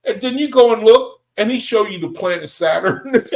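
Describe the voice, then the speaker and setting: A man leading a Bible study group, reading scripture aloud and commenting on it in an excitable way, often laughing and calling the group brethren. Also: sits high, normal speed, creaky, low-quality recording.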